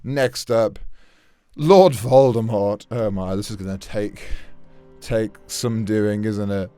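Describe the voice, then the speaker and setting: A man's voice: lowish voice, slow pace, dark tone, clear, resonant tone, faint music behind. A man with a Yorkshire accent, chatting comedically between impressions with a self-mocking, apologetic manner and a strained voice. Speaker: impressionist youtuber.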